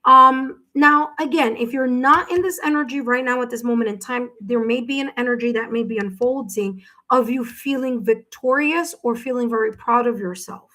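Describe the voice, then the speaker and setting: Effusive woman tarot reader, higher voice. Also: bright, forceful tone. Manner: effusive, exclaims and thanks viewers by name. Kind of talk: live-streamed tarot reading.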